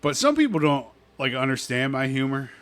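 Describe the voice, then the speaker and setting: A man's voice: medium pitch, sing-song, brisk, fairly bright tone. A man hosting a casual chat over drinks, rambling, laughing often and swearing freely. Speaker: podcast host.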